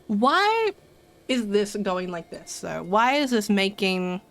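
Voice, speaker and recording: A woman's voice: mid-range voice, very animated, slow pace, creaky, fairly bright tone. A young woman streamer chatting casually with her viewers while playing a game, giggling and joking. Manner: chatty, giggly, talks to chat. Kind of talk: casual gaming commentary.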